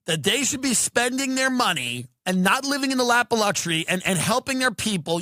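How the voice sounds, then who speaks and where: Podcast host, man, incredulous comic ranter, bright and sharp tone, swooping pitch, dry close sound. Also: no echo. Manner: incredulous, ranting, mocks others in put-on voices. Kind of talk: comedic rant.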